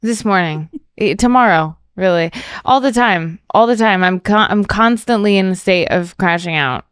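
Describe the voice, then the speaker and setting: A woman's voice: mid-range voice, normal speed, clean tone, no room sound, studio quality. Giggly, swearing woman in casual chat. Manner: giggly, swears freely, jumps to excited squeals. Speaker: podcast guest. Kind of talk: casual chat, party game.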